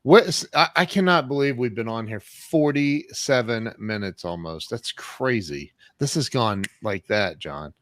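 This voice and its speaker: A man hosting a business interview show, reacting with quick interjections and asking long, searching questions. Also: mid-range voice, animated, no room sound. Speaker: podcast host. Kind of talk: interview chat.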